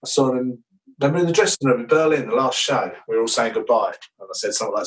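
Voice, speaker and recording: A musician guest in a radio interview, telling rambling, enthusiastic anecdotes. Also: male voice, medium pitch, very fast, distant mic, low-quality recording.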